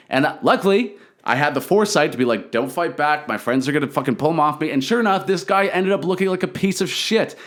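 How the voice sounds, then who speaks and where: A young man, a comedian hosting his own podcast, telling a story in a casual, profane monologue and acting out the quotes. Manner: profane, animated, acts out quotes with raised pitch.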